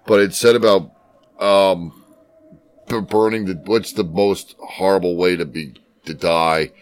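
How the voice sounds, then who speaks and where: A man with a fairly low voice talks loosely with a friend. He rambles, swears and hunts for words, then reads history text aloud in a rushed, stumbling way. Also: fairly even intonation, clean tone, dry recording. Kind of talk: casual chat, reading aloud.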